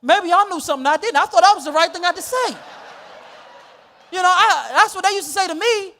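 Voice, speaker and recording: A male pastor telling a story in a sermon, animated and laughing as he goes. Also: extremely high pitch, fast, slight background noise.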